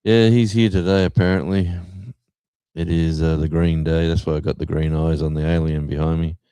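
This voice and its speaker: A man's voice: very deep voice, steady tone, moderate pace, dark tone, clear, resonant tone, no echo. A middle-aged man hosting a livestream, chatting casually and rambling with lots of fillers. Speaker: livestream host.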